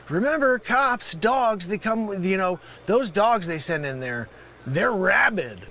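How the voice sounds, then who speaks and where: Brief: male improv comic playing a scammer, bright high voice, put-on New York accent, lively bursts. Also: slow. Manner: loud, insulting, swings from shouting to muttering. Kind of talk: improvised comedy sketch.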